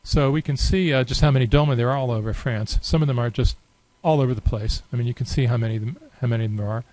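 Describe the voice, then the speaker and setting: A man giving a relaxed, unscripted screen-recorded software tutorial, thinking aloud with many fillers. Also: medium pitch, quick pace, dry recording, low-quality recording. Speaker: software demonstrator.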